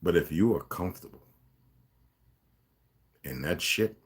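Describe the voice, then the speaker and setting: A man's voice: deep voice, expressive, measured pace, husky. A man talking casually on a livestream, blunt and preachy, swearing freely, with many fillers. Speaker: livestream vlogger. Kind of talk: casual rambling livestream talk.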